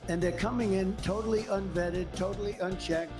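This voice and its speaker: A man's voice: high voice, fairly even intonation, moderate pace, music in the background. A man as an interview guest, speaking about politics in an emphatic, repetitive, rambling way. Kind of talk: interview conversation.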